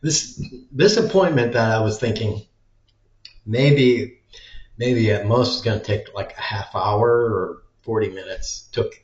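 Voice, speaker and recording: Speaking unhurriedly in a lowish voice, a man rambles through a casual vlog, constantly saying "like." The recording sounds dull and lo-fi, with room echo.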